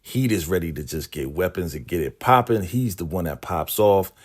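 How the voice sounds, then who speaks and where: A very low-voiced man chats through a TV episode recap at a relaxed clip. He keeps switching into quick voices for the characters whenever he quotes them. His speech is clear and close to the microphone. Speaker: recap channel host. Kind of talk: casual episode recap, acting out dialogue. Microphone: podcast microphone.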